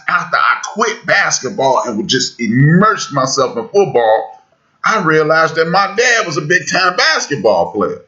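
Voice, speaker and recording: Emphatic, bright-voiced man hosting a podcast. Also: medium pitch, lo-fi sound. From United States. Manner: emphatic, preacherly, building to loud peaks. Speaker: podcast host. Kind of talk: impassioned podcast discussion.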